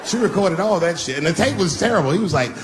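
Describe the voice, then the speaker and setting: A middle-aged man doing a live stand-up routine, punchy and profane, swinging between loud bursts and low asides. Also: expressive, quick pace. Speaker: stand-up comedian. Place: comedy stage before a live crowd. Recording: noisy live stage recording with audience.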